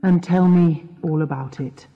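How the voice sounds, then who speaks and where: A man's voice: on the high side, fairly even intonation, measured pace, husky, lo-fi sound. A woman voicing a tired, worried man of about fifty in an audiobook, sounding defensive and accusing.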